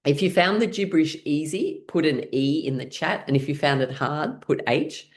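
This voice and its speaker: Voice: medium pitch, animated, moderate pace. A playful, middle-aged instructor guiding an online laughter class over a video call. They talk in an easy, upbeat way, break into laughter often, and lead the group through counts and chants.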